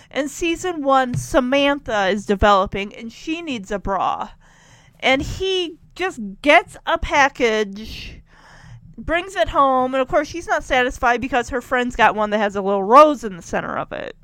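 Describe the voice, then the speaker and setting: Animated high-voiced woman recapping. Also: no room sound. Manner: chatty, animated, exasperated asides. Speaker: tv episode recapper. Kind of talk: casual storytelling recap.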